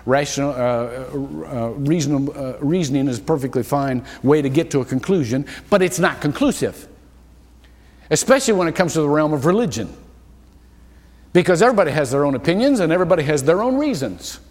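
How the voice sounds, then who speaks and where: A man preaches a sermon, his pitch swinging widely as he acts out the voices in the story. His voice sits a little high for a man. The sound carries a long reverb from the church hall. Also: brisk. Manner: animated storytelling, acting out quoted voices. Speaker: pastor. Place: church sanctuary.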